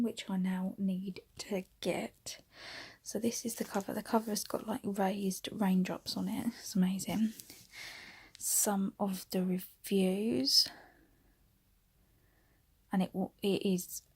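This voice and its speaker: Breathless and chatting at home for her vlog, a young woman frequently drops to a whisper and coos gently at her cat. She has a husky, mid-range voice with vocal fry.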